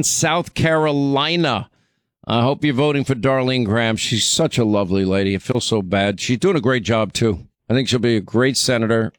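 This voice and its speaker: Stammering talk radio host, dry sound. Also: male voice, lowish voice, dry recording. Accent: New York. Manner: fast, stammering restarts.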